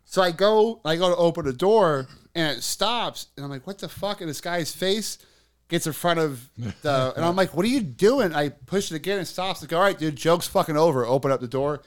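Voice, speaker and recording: A man's voice: on the high side, lively intonation. Profane rambling man telling a story. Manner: rambling, profane, quick storyteller with filler words. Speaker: podcast co-host. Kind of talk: casual storytelling chat.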